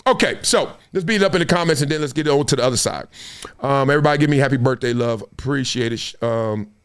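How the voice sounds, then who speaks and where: A man's voice: mid-range voice, quick pace. A man in his fifties hosting a casual sports talk show, slangy and laughing often, acting out stories as he tells them. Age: 50s. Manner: animated storyteller, acts out quotes.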